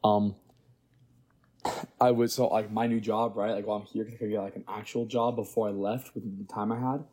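A man's voice: fairly low pitch, little pitch movement, a little fast, darkish tone, breathy edge. A young man co-hosting a casual podcast, telling a long rambling story and checking in with "right?" as he goes. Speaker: podcast co-host. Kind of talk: casual chat.

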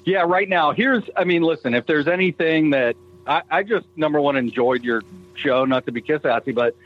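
Animated, profane storyteller man. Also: on the high side, moderate pace, lo-fi sound. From Brockton, Massachusetts. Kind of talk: casual storytelling chat.

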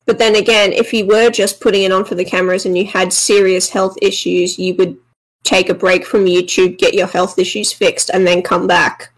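A woman's voice: mid-range voice, little pitch movement, normal speed, poor audio. A woman co-hosting a casual commentary podcast in a mid-range voice. She gives blunt, dismissive opinions in a plain conversational way. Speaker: podcast co-host.

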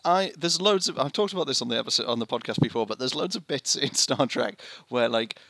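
Gravelly man joking crudely. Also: mid-range voice, lively intonation, fast, pushed and bright. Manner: jokey, crude humour. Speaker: podcast co-host. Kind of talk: casual chat.

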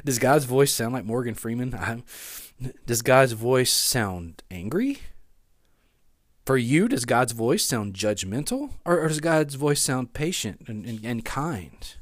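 A man's voice: mid-range voice, lively intonation, takes it slowly, no room sound, studio quality. A man preaching a sermon in an earnest way, repeating key phrases for emphasis and often restarting his sentences. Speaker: pastor.

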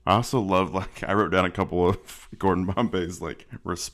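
A low-pitched man co-hosting a casual movie podcast. He talks with wry, sarcastic asides and often lets his lines trail off into a quiet mutter. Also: fairly even intonation, normal speed. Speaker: podcast co-host. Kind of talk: casual chat.

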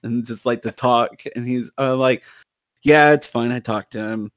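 A young man in casual chat, telling a story in an animated way and acting out his friends' lines. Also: medium pitch, moderate pace, no echo, clean studio sound.

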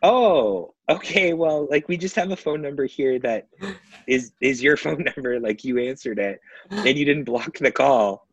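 A man's voice: medium pitch, lively intonation, a little slow, breathy edge, muffled recording, pitched above the performer's own voice. A man putting on a hesitant, polite police officer who stumbles over his words. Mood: awkward. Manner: hesitant, full of fillers.

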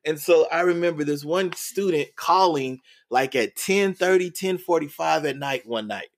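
A man's voice: on the high side, normal speed. A man, an educator and interview guest, telling a story in a podcast interview with earnest, repeated phrasing. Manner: earnest, repeats words while building a story.

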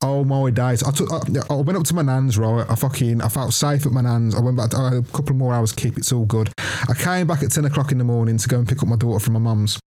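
This young podcast co-host talks fast in a mid-range voice, casually telling a story. He's animated, swears constantly, and laughs his way through the telling.

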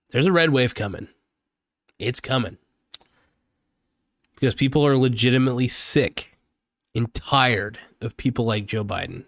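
A man rants into a close mic, angry and rambling, swearing often. His voice sits in a middle pitch and sounds dry, with no room echo at all. It is an unscripted, heated vlog monologue. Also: unhurried, pauses often, fairly bright tone. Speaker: political vlogger. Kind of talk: unscripted political rant.

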